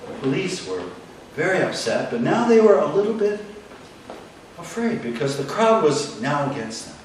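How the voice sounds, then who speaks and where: A man telling a story on stage in a dramatic, animated way, with pauses for effect, heard from a distant mic in a large echoey hall. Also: a little high, slight background noise.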